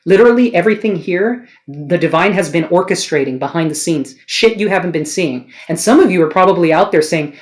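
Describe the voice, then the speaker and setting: With a medium-pitched, expressive voice at a fairly quick clip, a tarot reader pleads earnestly through an emotional spiritual reading to camera. Casual curses and rapid rhetorical questions pepper the delivery.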